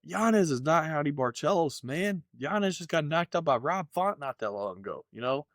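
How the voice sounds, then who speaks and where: A man's voice: a little high, animated, normal speed, a bit bright, no echo, studio quality. A man co-hosting a fight podcast in casual chat, loose and profane, rambling through his takes. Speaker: podcast co-host.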